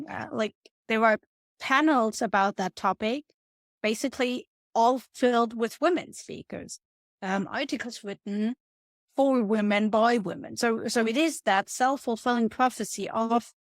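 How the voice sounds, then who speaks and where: Woman interview host. Measured and thoughtful, with a fairly high voice and a dry, close sound. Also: dry recording. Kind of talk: casual conversation.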